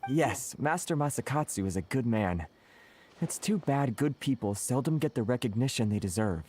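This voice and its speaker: Earnest grateful townsman, mid voice, lively rises and falls, faint game music. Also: medium pitch, normal speed, husky. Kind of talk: game cutscene dialogue.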